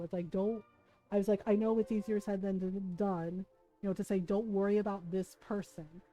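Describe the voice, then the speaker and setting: Mellow-voiced woman telling a story. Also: mid-range voice, little pitch movement, fairly quick, soft background music, low-quality recording. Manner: chatty, keeps asking "right?", laughs often. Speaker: livestreamer. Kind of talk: casual storytelling chat.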